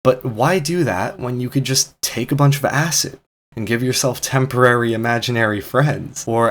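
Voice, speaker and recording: A man with a lowish voice gives a sardonic, provocative rant as a video essayist. A clear music bed runs under his voice throughout. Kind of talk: argumentative monologue.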